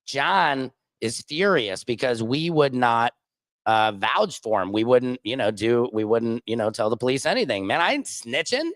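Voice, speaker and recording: A man's voice: mid-range voice, lively intonation, normal speed, a bit bright, no room sound. A man hosting a casual show who rambles through stories with fillers and side remarks. His voice sits mid-range. The recording is dry, with no room sound. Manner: rambling anecdotes full of fillers and asides. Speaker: host. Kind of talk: casual livestream chat and storytelling.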